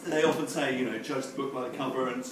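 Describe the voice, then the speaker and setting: A man's voice: mid-range voice, steady tone, fast talker. A man speaking at a live book launch, joking and self-mocking, laughing often between remarks. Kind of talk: casual live speech with jokes. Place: live reading event with audience. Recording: echoey room, distant mic, background noise.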